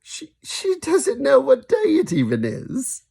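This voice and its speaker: A man voicing a giddy, excitable mother in a shrill high voice for a storybook. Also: measured pace, slightly rough, exaggerated voice. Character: giddy excitable mum, middle-aged woman.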